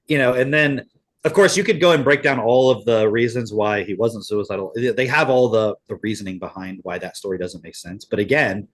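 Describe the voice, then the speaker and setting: A man's voice: fairly low pitch, brisk. A man co-hosting a casual podcast, laying out his points step by step. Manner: explanatory, argues points step by step. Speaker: podcast co-host.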